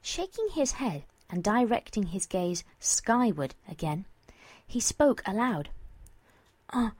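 A woman reading a story aloud as narrator, slow and expressive, at times dropping to a whisper. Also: mid-range voice, slightly rough, no echo.

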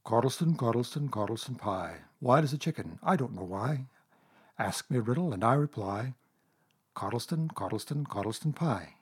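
A kindly bear of little brain, as a man reads him aloud in a storybook, innocent and sing-song. The tone is husky and a touch higher than the narration. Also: very animated, normal speed, long pauses, dark tone. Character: kindly simple-minded male bear. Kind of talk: storybook reading.

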